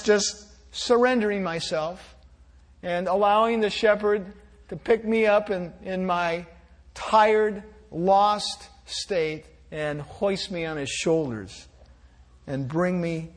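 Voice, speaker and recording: A male pastor preaching a sermon in a gentle, reflective way, with small restarts as he speaks. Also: high-pitched, takes it slowly.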